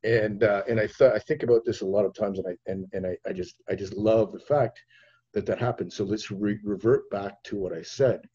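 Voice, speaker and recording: Male podcast host, low husky voice, lively storyteller who acts out scenes, dull lo-fi audio. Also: fairly quick. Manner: expressive, acts out voices in his anecdotes. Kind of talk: animated storytelling in conversation.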